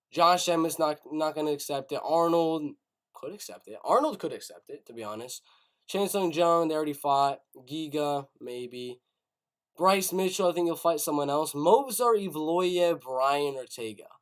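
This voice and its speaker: A young man hosting a live stream, thinking aloud and often repeating himself as he stammers through ideas. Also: a little high. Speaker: host.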